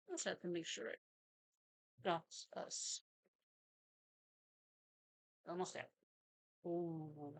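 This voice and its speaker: A woman's voice: fairly low pitch, very slow, long pauses. A woman chatting casually at her craft desk at home, rambling and laughing often as she unpacks a parcel. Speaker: vlogger. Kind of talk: casual chat.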